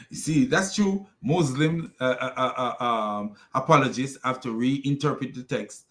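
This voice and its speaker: A man's voice: mid-range voice, measured pace, a bit bright. A man giving critical commentary on a played clip, argumentative, with many fillers and restarts. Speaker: religious commentator.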